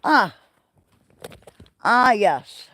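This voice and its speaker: A man hosting a livestream, walking through his greenhouse and garden and chatting in an excitable, rambling way. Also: sits high, very slow. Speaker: livestream host. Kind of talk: casual walking garden tour. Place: greenhouse and garden, partly outdoors.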